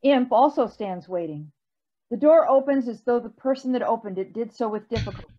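A woman calmly reading stage directions in a play, recorded muffled. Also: a little high, fairly quick.

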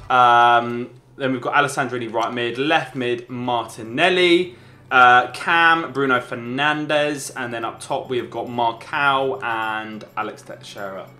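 Gaming YouTuber, male, excitable banter, bright tense voice in a roomy space. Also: mid-range voice, a little slow. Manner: excitable, shouts at goals, laughs a lot. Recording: roomy echo with game music behind.

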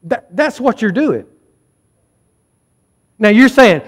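A man's voice: high voice, animated, takes it slowly, breathy edge, long reverb tail. A man preaching a sermon as pastor, speaking emphatically and often urging the congregation directly. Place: church sanctuary.

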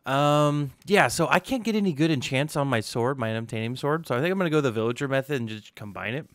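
A man's voice: mid-range voice, animated, fast, a bit bright, dry recording. A young man hosting a gaming channel, talking casually to himself as he plays and tossing in jokey asides. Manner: chatty, self-talking, joking asides. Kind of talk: casual gameplay commentary.

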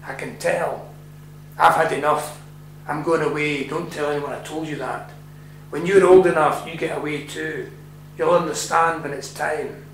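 A man voicing a brooding Scottish war veteran who speaks in a low, intense, confiding way, read in an echoey room. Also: fairly even intonation, normal speed, natural voice. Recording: echoey room with faint hum.

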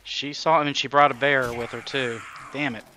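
A man's voice: mid-range voice, fairly even intonation, normal speed, background noise. Chuckling gamer man chatting. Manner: chuckles often, wry asides. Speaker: gaming channel host. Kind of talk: casual co-op gameplay chat.

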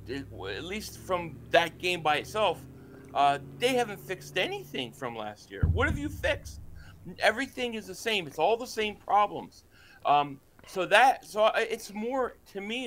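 Man ranting hard on a sports panel, forceful voice, kinda high. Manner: heated, ranting. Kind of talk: sports talk chat.

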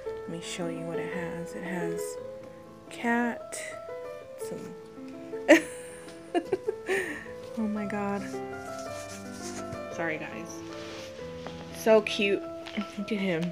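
Slow-talking woman cooing at her cat. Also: on the low side, music in the background, low-quality recording. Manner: cooing baby talk to her cat, laughing often. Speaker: pet vlogger. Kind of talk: casual pet vlog.

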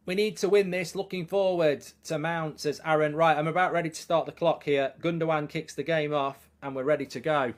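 A man's voice: on the high side, fairly even intonation, fairly quick, few pauses. A man live-streaming a football match, ranting and swearing angrily at his team. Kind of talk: live match reaction commentary.

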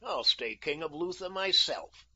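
A man's voice: a little high, animated, unhurried, sharp tone, slightly rough, voice pushed up, full character voice. A man voicing a brash, cool-headed young American. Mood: firm, cool. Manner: cool, bargaining and mocking. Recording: dull lo-fi audio.

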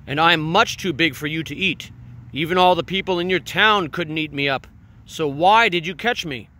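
A man voicing a giant sea fish, proud, wary and resentful, with a deep voice and slow, deliberate storybook delivery. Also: bright, forceful tone. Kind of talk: storybook read-aloud.

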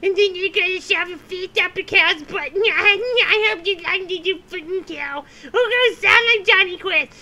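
A man's voice: very high voice, a little slow, few pauses, exaggerated voice. Male actor as abusive shrieking woman caller, piercing and harsh, prank call rant. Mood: mocking. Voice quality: screechy, gravelly. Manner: ranting, insulting, shouting. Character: shrill rude old woman caller, abusive and ranting. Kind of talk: prank call role-play.

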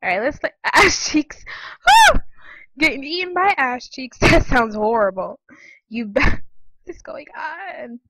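Excitable woman squealing through gameplay, slow-talking, dry close sound. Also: high voice, no room sound, low-quality recording. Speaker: gaming channel host. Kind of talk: casual gameplay commentary.

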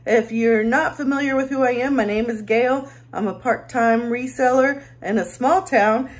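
Chatty woman reseller vlogging her sales. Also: fairly high pitch. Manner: chatty, upbeat, self-deprecating. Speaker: part-time reseller vlogger. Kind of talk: casual chat showing sold items.

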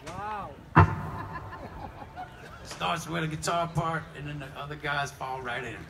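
A man with a Louisiana Southern accent, a blues musician joking with the crowd from an outdoor festival stage in a relaxed drawl. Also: fairly high pitch, a little slow, vocal fry, noisy background. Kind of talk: stage banter between songs. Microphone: stage vocal mic. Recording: live concert, loud band music. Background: loud live band music.

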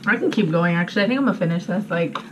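A woman talks to her viewers in a loose, casual way, excitable and quick to giggle. Her mouth is burning from spicy food as she keeps going. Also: lowish voice, lo-fi sound, background noise. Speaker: vlogger. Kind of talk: casual vlog chat.

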